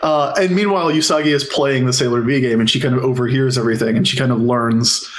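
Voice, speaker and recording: A man's voice: medium pitch, fairly even intonation, fast. A male podcast co-host with a mid-range voice chats casually and rambles with many filler words. He jokes and laughs often as he talks. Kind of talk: casual chat.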